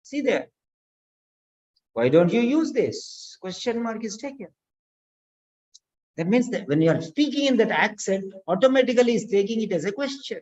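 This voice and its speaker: A language teacher giving an instructional lesson, speaking slowly and deliberately and repeating key words. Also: mid-range voice, animated, a little mellow. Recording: dull lo-fi recording.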